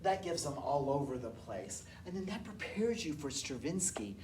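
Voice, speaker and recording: A woman music teacher, enthusiastic and lively, explaining and leading a workshop. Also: deep voice, normal speed, distant mic, noisy background.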